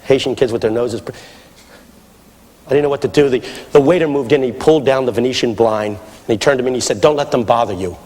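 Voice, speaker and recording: A middle-aged man preaching a sermon, swinging from shouted appeals to hushed storytelling. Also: medium pitch, fairly even intonation, quick pace, big-room sound.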